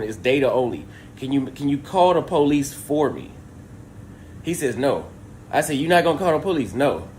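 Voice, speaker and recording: Male streamer, fired-up storyteller who swears freely, fairly high voice, faint noise behind. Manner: exasperated, profane, acts out dialogue. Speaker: livestreamer. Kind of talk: animated storytelling rant.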